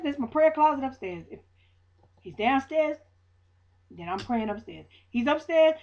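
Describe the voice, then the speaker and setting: A woman gives a preachy, casual testimony to viewers and repeats her lines for emphasis. Her voice sits fairly high and speaks in Southern US vernacular. The lo-fi webcam sound is a little dull. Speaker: vlogger sharing a faith testimony.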